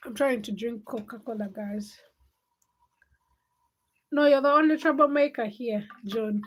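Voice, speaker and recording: Speaking at a measured pace in a fairly high voice, a young livestream host relaxes through a late-night stream. She reads comments aloud and playfully ribs viewers by name.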